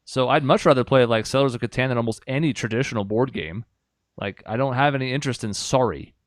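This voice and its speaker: A man's voice: mid-range voice, fast, no echo. A young man co-hosting a podcast, making opinionated points in an articulate, mock-exasperated casual way. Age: young adult. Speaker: podcast co-host. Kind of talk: casual chat.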